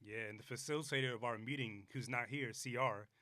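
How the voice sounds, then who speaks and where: Young male podcast host, rambling and loose, quick, bright, dry close sound. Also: mid-range voice, no echo. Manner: rambling, laid-back slang. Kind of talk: casual podcast chat.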